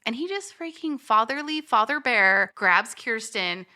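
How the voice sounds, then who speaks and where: A woman co-hosts a podcast and eagerly retells a film, speaking straight to her listeners. Her voice is bright and sharp, and the recording is dry and close with no room sound. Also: fairly high pitch, moderate pace, hardly any pauses, dry recording. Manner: excitable, laughing storyteller who addresses listeners as "you guys". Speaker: podcast co-host. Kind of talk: casual movie recap chat.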